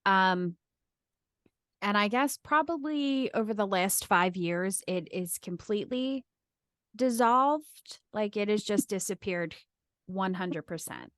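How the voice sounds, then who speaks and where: A woman's voice: mid-range voice, lively intonation, slow, a bit bright, no echo, studio quality. A woman guest on a podcast in casual chat, candid and wry as she quotes her partner.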